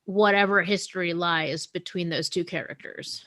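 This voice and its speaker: A woman joins a relaxed podcast conversation with a clear, bright voice. She talks confidently and a bit wryly, sure of her own views. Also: lowish voice, moderate pace. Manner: confident, wry, self-assured. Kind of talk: casual chat.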